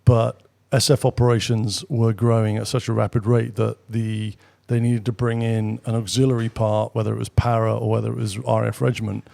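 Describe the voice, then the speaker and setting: A middle-aged British man, a guest on an interview show, telling anecdotes casually with quick asides and the odd swear. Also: on the low side, flat delivery, gravelly, warm tone. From Britain. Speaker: guest, former military pilot. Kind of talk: casual storytelling.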